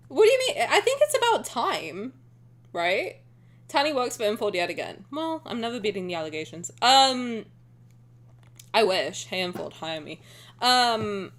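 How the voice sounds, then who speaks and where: A woman streamer chatting casually and excitably with her viewers, rambling and swearing now and then. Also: mid-range voice. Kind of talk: casual live-stream chat.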